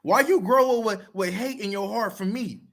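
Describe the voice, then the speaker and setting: A man's voice: high voice, moderate pace, gravelly, a bit bright. A man talking straight to camera, blunt, profane and heated, repeating himself to press his point. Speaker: video commenter. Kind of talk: casual talk to camera.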